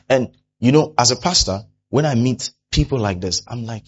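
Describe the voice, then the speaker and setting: A man preaches a sermon as a pastor, animated, and he keeps slipping into the voices of the people he describes. The recording is somewhat dull and lo-fi. A faint hum sits underneath his voice. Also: medium pitch, normal speed, few pauses. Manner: animated preaching, acting out quoted complainers.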